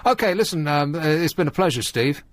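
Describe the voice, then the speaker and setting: Male phone-in host, fairly high voice, dry and sarcastic, close dead studio mic. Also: expressive, brisk, dry recording. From London. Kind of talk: late-night radio phone-in chat.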